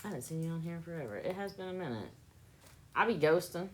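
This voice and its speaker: Fast and animated, a woman on the low side with a darkish tone hosts a livestream. She's from South Carolina, speaks with a Southern accent, and chats in a laid-back, playful way, repeating words to check her pronunciation.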